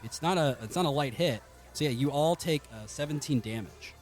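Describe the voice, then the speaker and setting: A man's voice: on the high side, fairly quick, soft background music. A man running a tabletop game as game master, narrating in a rambling way full of fillers and laughs.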